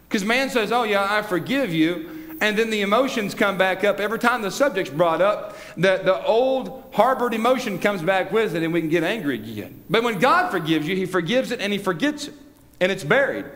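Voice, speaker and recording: Male pastor preaching in a church sanctuary; high and animated, swelling on key lines. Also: moderate pace. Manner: preaching with rising emphasis and scripture quotes. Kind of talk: sermon. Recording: long church reverb.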